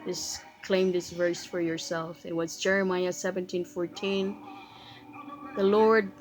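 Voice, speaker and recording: A woman's voice: fairly low pitch, little pitch movement, a little slow, faint music behind, low-quality recording. A woman giving a casual spoken testimony about her faith, earnest and repeating phrases as she recites verses with emphasis. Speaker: vlogger sharing a faith testimony.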